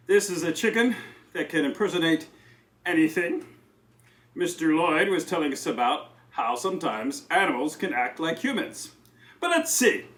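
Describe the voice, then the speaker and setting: A cheerful male dragon puppet, put on by a man, chattering in a high voice that swoops all over. He takes his time with every line, and the room around him rings with echo. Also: sharp tone, far from the mic, heavily acted. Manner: bouncy, theatrical, exclaiming. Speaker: puppet character on a children's show. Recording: roomy echo.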